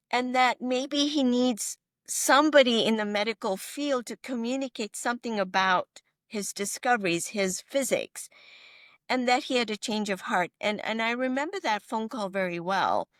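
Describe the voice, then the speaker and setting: A middle-aged woman doctor speaks as a podcast guest in a fairly high voice. She tells her story with animated emphasis and keeps checking that her listener follows. The sound is close and dry, with no room around it. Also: dry recording. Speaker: physician guest.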